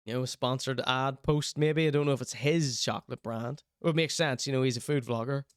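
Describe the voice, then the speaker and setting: A man's voice: mid-range voice, fairly even intonation, fairly quick, clean tone, no room sound, studio quality. A man hosting a casual show, reacting to clips with chatty, teasing asides.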